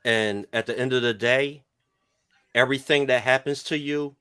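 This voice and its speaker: A man's voice: mid-range voice, normal speed, pushed and bright, clean tone, dry recording. A man on a podcast giving blunt, preachy advice with casual swearing. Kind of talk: blunt opinion talk.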